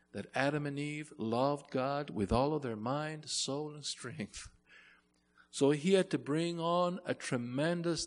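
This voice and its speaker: A man's voice: medium pitch, gravelly, in a large hall. A man preaching a sermon in an earnest way, repeating phrases and rising to emphatic bursts.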